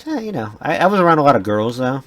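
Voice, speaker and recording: A young man co-hosting a podcast talks very fast and very animatedly in a mid-range voice. His casual chat wanders off on tangents, and he keeps restarting his stories and swearing.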